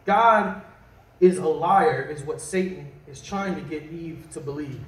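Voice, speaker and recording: A man's voice: on the high side, measured pace, a bit bright. A man preaching a sermon as pastor, in a conversational way that puts questions to the congregation and slips in jokes. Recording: echoey room from a distant mic.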